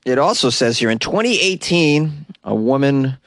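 A wisecracking man hosts a comedic news podcast at a studio mic, chuckling between remarks. His voice sits at a middling pitch and is recorded close and dry, with no room echo. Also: expressive, normal speed, fairly bright tone. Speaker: podcast host.

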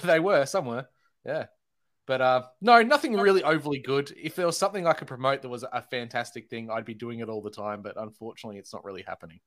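A man's voice: mid-range voice, fairly bright tone. Laughing Australian man on a podcast. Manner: joking, quick to laugh. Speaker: podcast guest. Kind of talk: casual podcast chat.

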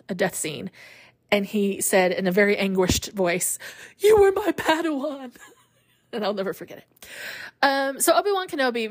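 Chatty woman hosting a podcast. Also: mid-range voice. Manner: chatty, laughs often, frequent fillers. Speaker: podcast host. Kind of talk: casual solo podcast monologue.

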